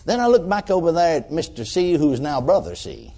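A man preaching a sermon to a congregation, telling a story in a folksy, animated way. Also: a little high, brisk.

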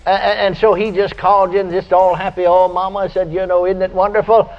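An older man preaching a folksy radio sermon, telling stories and breaking into high, shouted praise. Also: little pitch movement, a little fast, soft background music. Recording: dull lo-fi archive radio recording.

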